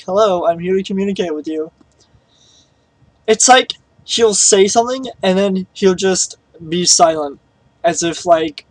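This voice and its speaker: High-voiced young man, slow rambling vlog. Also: dry recording, rough recording. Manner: rambling, hesitant, lots of "like" and "um". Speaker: vlogger. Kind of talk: casual storytelling to camera.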